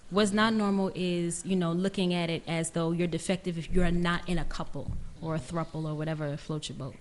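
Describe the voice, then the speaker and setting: A woman's voice: lowish voice, steady tone, a little fast, a little hiss or hum. A woman guest on a casual podcast, speaking frankly and confidently about her products. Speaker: guest, natural products maker.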